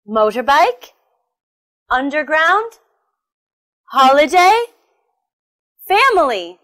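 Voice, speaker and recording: Slow, lively woman teacher. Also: high-pitched. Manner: slow, careful classroom enunciation. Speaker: English teacher. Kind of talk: recorded pronunciation lesson. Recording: soft music behind.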